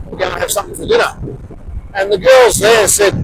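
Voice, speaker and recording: An Australian man spins a casual, rambling yarn for his vlog, his high, gravelly voice leaping all over the place and often going loud. Clear street and traffic noise sits behind him outdoors. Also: sing-song, quick pace, some chatter behind, low-quality recording. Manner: chatty, rambling anecdote with loud emphatic bursts. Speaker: vlogger. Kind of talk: casual storytelling to camera.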